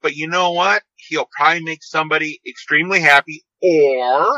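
A man's voice: fairly high pitch, steady tone, moderate pace, sharp tone, dry recording. A man in his fifties, a podcast guest calling in by phone, telling stories in a rambling way that keeps repeating and restarting phrases. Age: 50s. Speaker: podcast guest, seed company owner. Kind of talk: casual storytelling interview. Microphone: phone call. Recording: dull, dry phone-call audio.

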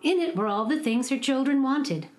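A woman reading a children's storybook aloud in an expressive, sing-song way. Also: high-pitched, normal speed.

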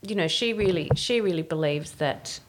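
A woman's voice: on the low side, normal speed, noisy background. A woman, chatting casually, laughing often and acting out quoted voices. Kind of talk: casual chat.

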